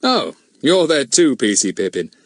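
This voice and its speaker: A man's voice: medium pitch, very animated, unhurried, no room sound, clean studio sound, pitched above the performer's own voice. A man voicing a genial, dignified middle-aged police inspector in a storybook, courteous and formal with kindly teasing.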